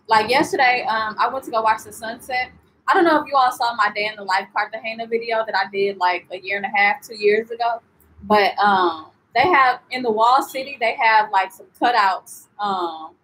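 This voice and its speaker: Young adult woman, travel vlogger on a live stream: chatty and animated, a touch high-pitched, with light ambient noise. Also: low-quality recording. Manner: chatty and animated, heavy on "like" and "you know"; reads and answers viewer comments. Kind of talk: casual live-stream chat.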